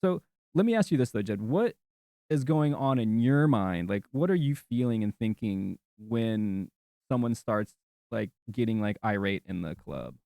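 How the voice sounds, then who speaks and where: A man's voice: fairly low pitch, lively intonation, measured pace, vocal fry, dark tone, no echo. A man interviewing a guest, asking loose questions full of fillers.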